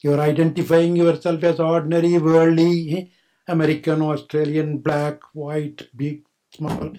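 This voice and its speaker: A man's voice: a little high, level tone, a little slow, dark tone. An older man giving a spiritual talk as a playful story, laughing often and acting out the voices of the characters. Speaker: spiritual teacher. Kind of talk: storytelling sermon.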